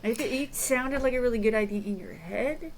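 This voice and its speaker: A woman's voice: on the high side, brisk, a little hiss or hum. A woman co-hosting a podcast, chatting casually with a sardonic, filler-heavy way of talking. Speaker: podcast co-host. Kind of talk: casual chat.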